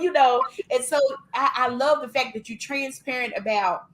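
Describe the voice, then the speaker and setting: A woman's voice: sits high, normal speed. A middle-aged woman hosting a podcast, chatting casually and asking her guests questions in a colloquial way. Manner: warm conversational questioning, colloquial. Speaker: podcast host. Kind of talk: casual chat.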